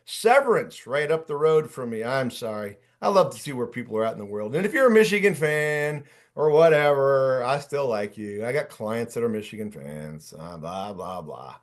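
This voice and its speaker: A man in his late fifties running an online job-search workshop, talking in an animated, chatty way and calling on attendees by name. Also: mid-range voice, moderate pace, hardly any pauses. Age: 50s. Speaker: workshop coach. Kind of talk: energetic online workshop talk.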